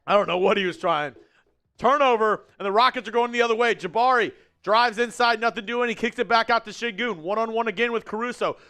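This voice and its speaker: A man from Texas hosting a live stream, chatting casually with viewers and calling the game play by play, shouting on big plays. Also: sits high, a little fast, smooth. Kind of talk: casual live-stream watch-along commentary. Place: studio at company headquarters.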